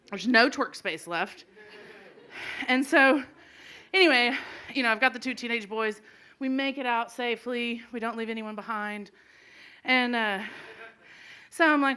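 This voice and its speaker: A middle-aged woman telling a true comic story on a live stage, animated and laughing as she goes. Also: a little high, clear, resonant tone. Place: live stage before an audience.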